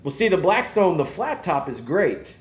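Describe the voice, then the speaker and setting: A man, hosting a casual live podcast and rambling in an animated way. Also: a little high, normal speed, reverberant. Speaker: podcast host. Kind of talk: casual live-stream chat.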